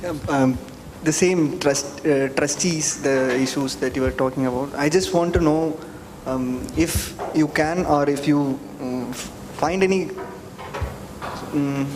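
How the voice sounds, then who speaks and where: A man in the audience asking a question, halting and hesitant with many fillers. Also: on the high side. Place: lecture hall. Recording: echoey hall with faint noise.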